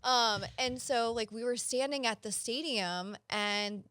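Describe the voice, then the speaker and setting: A woman's voice: on the high side, unhurried, a bit bright, no echo. A young woman co-hosting a casual podcast chat, telling stories in a rambling way full of "like". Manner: rambling, filler-heavy storytelling with lots of "like". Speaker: podcast co-host.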